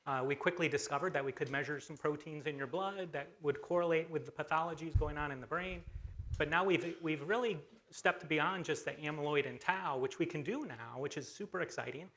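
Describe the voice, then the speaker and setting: A man on a conference panel answering as a research expert, explaining quickly and with enthusiasm. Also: on the high side, fairly bright tone, a little hiss or hum.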